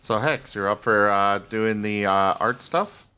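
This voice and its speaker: A man hosting a casual gameplay livestream, chatting and thanking viewers with frequent filler pauses. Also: on the low side, pushed and bright, clear, resonant tone. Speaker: livestream host.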